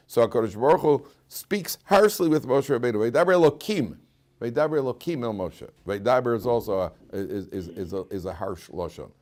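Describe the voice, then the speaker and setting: A rabbi with a medium-pitched, slightly mellow voice teaches his weekly Torah class. The lecture is informal, conversational and joking, and he often repeats and restarts his words.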